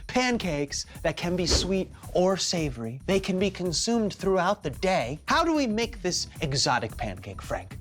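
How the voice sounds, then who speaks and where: A man hosting a cooking show, playful and theatrical, joking as he cooks and swinging between high exclaims and low asides. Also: big pitch swings, measured pace, hardly any pauses, fairly bright tone. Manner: theatrical, jokey, big swings in pitch. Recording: light background music.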